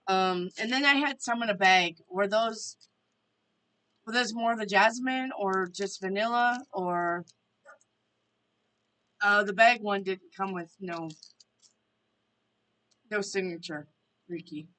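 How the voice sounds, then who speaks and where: Hosting a casual tarot live stream, a woman chats with her audience and reads their questions aloud. She has a mid-range, fairly bright voice and speaks slowly with frequent pauses, on a rough recording.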